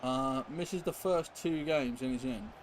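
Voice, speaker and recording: An unhurried young man with a mid-range voice streams a football game, chatting and rambling in casual fashion as he responds to viewers and the play. Noisy hiss fills the background.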